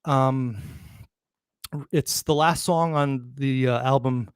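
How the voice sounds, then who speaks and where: A man's voice: medium pitch, steady tone, slow pace, clear, resonant tone, no echo. A man hosts a casual spoken tribute, still out of breath as he talks. His delivery is loose and rambling, full of fillers and false starts. The sound is dry and close, with no room around it. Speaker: show host. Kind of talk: informal spoken tribute between songs.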